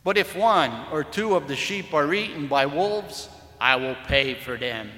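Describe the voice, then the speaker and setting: A man's voice: on the high side, animated, unhurried, fairly bright tone, echoey room, long reverb tail. A man reading as a coaxing hunter prince. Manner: coaxing, assured storybook reading. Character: persuasive grown man, a hunting prince.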